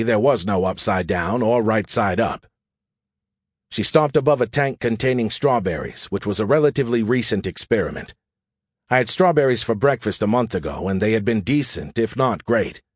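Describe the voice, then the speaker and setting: A man's voice: on the low side, slightly rough, no echo, studio quality. A man narrating a first-person audiobook in a wry, self-deprecating way.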